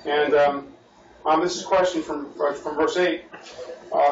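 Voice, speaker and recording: A man's voice: a little high, steady tone, moderate pace. A man with an American accent leading a church Bible study as pastor, repeating his words as he thinks and asking the class questions. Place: church meeting room. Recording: roomy, distant, dull and lightly noisy.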